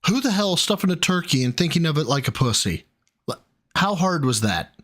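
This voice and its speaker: A man's voice: fairly high pitch, sing-song, fairly quick, fairly bright tone. A man reacting live to a stream, exasperated and sarcastic, who swears a lot. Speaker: reacting viewer.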